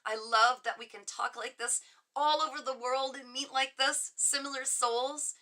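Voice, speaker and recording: Bright, chatty, effusive middle-aged woman. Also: high-pitched, fairly even intonation, moderate pace. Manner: effusive, gushing and warm toward viewers; chatty and rambling with frequent laughs. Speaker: livestream host and psychic reader. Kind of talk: casual livestream chat reading viewer comments. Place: home office.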